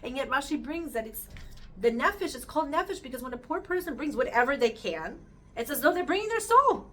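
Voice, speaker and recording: A middle-aged woman giving a talk on the weekly Torah portion, earnest and animated, asking her listeners questions and weaving in Hebrew terms. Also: high-pitched, a little fast, a little hiss or hum. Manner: speaks directly to listeners with questions. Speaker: Torah teacher.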